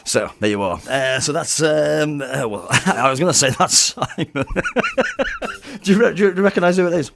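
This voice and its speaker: A man's voice: on the high side, normal speed, vocal fry, over music. A man from North Wales hosting a radio show, chatting casually with a guest and laughing often. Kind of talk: casual radio interview chat. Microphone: studio microphone.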